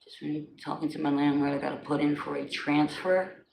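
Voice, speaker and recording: A woman in her forties hosts a relaxed livestream, her low, monotone voice moving fairly quickly with vocal fry and a slightly mellow quality. She has a New Jersey accent and greets viewers by name in loose, slangy chat, recorded in a roomy space with faint background noise.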